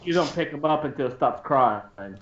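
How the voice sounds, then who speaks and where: A man co-hosting a stream chats casually, telling a long, rambling tale full of laughter and restarted sentences. His medium-pitched voice has lively intonation at a moderate pace. Background noise sits under the roomy, dull, lo-fi audio.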